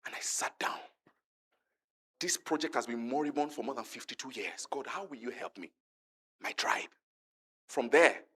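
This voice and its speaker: A man with a Nigerian accent telling a lively testimony at a conference, acting out the voices of the people he quotes and calling out to the audience. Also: medium pitch. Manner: lively storytelling, acts out quotes, calls to the audience. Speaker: conference speaker. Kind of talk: animated testimony talk.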